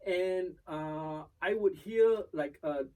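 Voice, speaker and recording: A man, a TV presenter guest telling animated stories in casual chat. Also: sits high, slow, distant mic. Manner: animated anecdotes with laughter.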